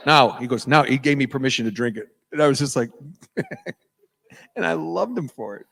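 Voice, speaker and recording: A middle-aged man from New England chats from a convention stage, wandering off on tangents and chuckling between stories. His voice sits at an ordinary middle pitch, and an auditorium crowd is listening. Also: animated, unhurried, gravelly, fairly bright tone, slightly rough. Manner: rambling, goes off on tangents, chuckles often. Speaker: panel guest, voice actor. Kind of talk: casual stage chat with anecdotes. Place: convention auditorium before a live audience.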